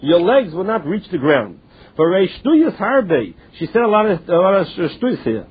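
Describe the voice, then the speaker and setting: High, breathy male Talmud teacher, chanting and translating text. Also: big pitch swings, moderate pace, dull audio. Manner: sing-song study chant mixing languages.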